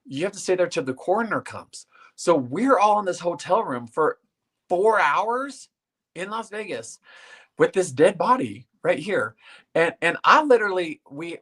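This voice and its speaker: A man's voice: a little high, fairly bright tone. A man as a guest, telling a personal story in an earnest, emotional way, often repeating words.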